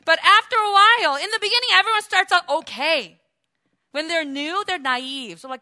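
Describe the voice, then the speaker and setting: A woman pastor preaching a sermon in a church, animated, acting out quotes and laughing often. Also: sits high, fairly quick.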